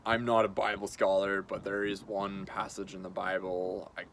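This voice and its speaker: A man talking casually to camera in a halting way, with many pauses and fillers. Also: low voice, monotone, a bit bright, slight background noise. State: groggy and short on sleep. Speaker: video blogger. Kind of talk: casual spoken monologue to camera.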